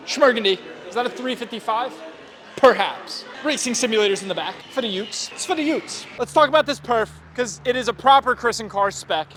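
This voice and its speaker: A young man with a high, light voice gives quick, playful commentary as he walks among exotic cars, joking and hyping each one. He's recorded on a handheld camera outdoors, with faint street noise behind him. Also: pushed and bright. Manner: playful, rattles off car models, hypes and jokes. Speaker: car-spotting vlogger. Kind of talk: excited car-spotting commentary. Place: outdoors at a car meet and inside a dealership.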